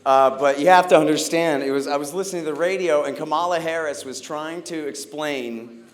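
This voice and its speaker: A man's voice: a little high, brisk. A man doing a stand-up comedy set on stage, telling stories sardonically and acting out the people in them. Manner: sardonic storytelling, acts out characters. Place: comedy stage before a live audience.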